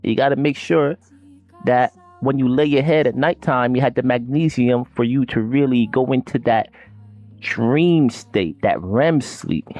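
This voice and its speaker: A man's voice: medium pitch, a little mellow, dull audio. Slangy rambling man with faint music. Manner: slangy, loose and rambling, addresses listeners directly. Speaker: podcast host. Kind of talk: casual herbal talk.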